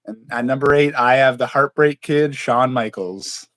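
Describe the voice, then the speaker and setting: A man's voice: mid-range voice, normal speed, a bit bright, dry recording. A young man co-hosting a podcast in casual chat, blunt and swearing freely. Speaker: podcast co-host.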